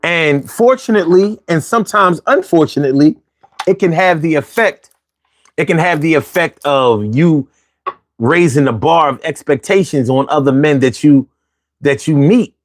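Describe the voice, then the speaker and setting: A man's voice: fairly high pitch, moderate pace, no echo, clean studio sound. A man hosting a casual talk show for viewers, speaking conversationally, asking rhetorical questions and repeating phrases for emphasis. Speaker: vlog host.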